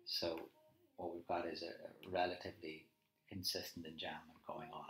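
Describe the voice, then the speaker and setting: Deep-voiced male teacher annotating a poem. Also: fairly even intonation, normal speed, fairly bright tone. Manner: conversational, thinking aloud with fillers and tag questions. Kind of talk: live poetry annotation lesson. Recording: roomy echo with faint music.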